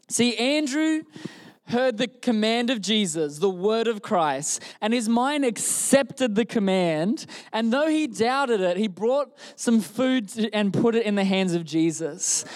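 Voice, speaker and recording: A male preacher giving a sermon in church, telling the story in an animated, joking way. His voice sits very high for a man. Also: unhurried, smooth.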